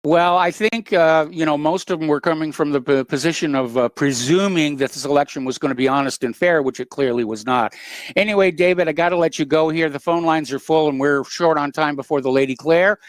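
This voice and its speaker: Talk radio host guy, a bit high, dry and brisk, close dead sound. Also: dry recording.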